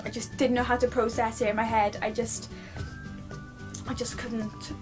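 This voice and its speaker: Young british girl vlogging at home, high voice, gushy rambly storytelling, faint music behind. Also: level tone, normal speed, pauses often. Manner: gushing, rambling, many restarts. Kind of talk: excited personal storytelling.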